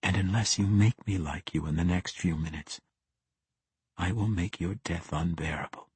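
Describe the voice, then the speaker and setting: A cold assassin speaks in a calm, measured, threatening way, as a male reader puts him on. The voice is low and husky, recorded dry and close for an audiobook. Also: no echo. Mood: menacing. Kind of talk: audiobook character voice.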